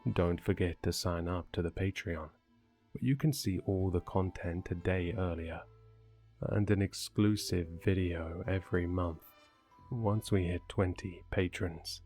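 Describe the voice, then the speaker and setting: A man with a fairly low voice reads a horror story in a slow, measured way, taking his time over every line. Faint music plays softly behind him. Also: fairly even intonation. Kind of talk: scripted horror narration.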